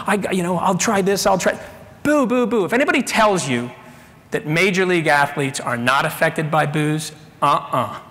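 A middle-aged man giving a storytelling keynote talk, animated and bursting into shouted voices of the people in his stories. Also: sits high. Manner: animated, acts out shouting characters mid-story. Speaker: keynote speaker. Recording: echoey hall with long reverb.

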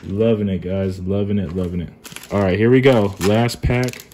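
A young man narrates a trading card unboxing in his apartment. He keeps his voice down and talks in a fairly flat, subdued way. His voice sits a little low. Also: moderate pace, a little hiss or hum. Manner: kept low and subdued, calls himself monotone. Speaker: card collecting YouTuber. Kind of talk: casual unboxing commentary. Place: apartment at home.

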